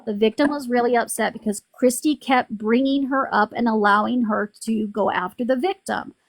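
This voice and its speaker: A frustrated woman rambles through a casual livestream, her voice pitched a little high. She talks in a dry, close sound with no room around it, circling back and restarting as she goes. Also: moderate pace, no echo. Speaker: livestream host. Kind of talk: casual live-stream venting.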